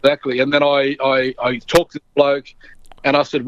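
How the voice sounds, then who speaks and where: A man's voice: medium pitch, normal speed. A middle-aged man with an Australian accent tells his story in an easy, chatty way and acts out the people in it as he goes. The sound is dull and muffled, and the room is dry with no echo. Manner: lively yarn-spinning, acting out voices in his stories. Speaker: guest storyteller. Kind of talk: casual anecdote telling.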